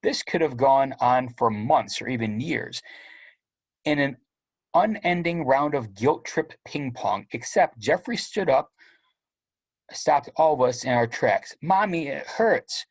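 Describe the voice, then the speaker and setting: A man's voice: mid-range voice, expressive, slow, husky, dry recording. A man narrating a first-person story aloud in a wry, sardonic way. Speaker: audiobook narrator.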